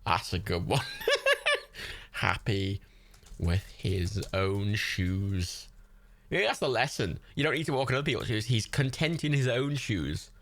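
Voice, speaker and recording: A man from Ireland with a fairly low, fairly bright voice sounds very animated while keeping a measured pace. He hosts a livestream movie watch party, chatting casually, swearing a lot, and laughing often.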